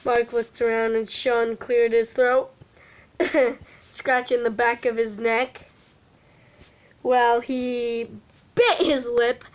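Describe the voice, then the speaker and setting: High slow-reading woman, casual. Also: little pitch movement. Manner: stumbling over words, chatty asides. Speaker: fan fiction reader. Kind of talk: casual read-aloud of a story.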